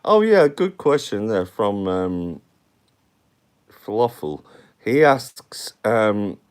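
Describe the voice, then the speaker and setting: Slow, deep-voiced man rambling. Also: very animated, darkish tone, clean tone. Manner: rambling, chatty, talks to the chat. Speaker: live streamer. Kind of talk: casual live-stream chat.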